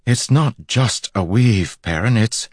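A man voicing a young woman, a commanding and impatient sorceress, in an audiobook, with demanding, sharp questions. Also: low-pitched, moderate pace, no echo, clean studio sound, pitched above the performer's own voice. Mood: astonished. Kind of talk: audiobook character voice.

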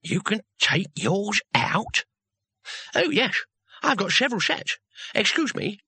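A man doing a bright, eager little tourist. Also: sits high, very animated, a little slow, breathy edge, no room sound, pitched above the performer's own voice, heavily acted. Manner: bright, hesitant, polite. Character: naive, eager little male tourist, chatty and polite.

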